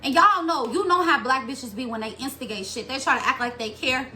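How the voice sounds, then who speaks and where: A young woman telling a story about her own past in a casual vlog, animated and profane, acting out other people's lines. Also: high-pitched, brisk, a little hiss or hum.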